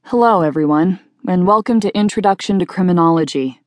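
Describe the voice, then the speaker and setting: Woman reading a dry wry professor guy, low-voiced, teacherly. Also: brisk, a little mellow, no room sound, natural voice. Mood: formal. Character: middle-aged male college professor, dry and wry.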